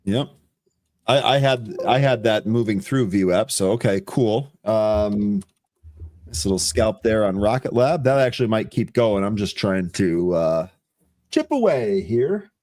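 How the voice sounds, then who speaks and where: A man with a fairly low voice gives live trading commentary. He fires off ticker symbols and price levels in quick, casual chatter as he watches the charts. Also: lively intonation, a little mellow. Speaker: co-host of live market show.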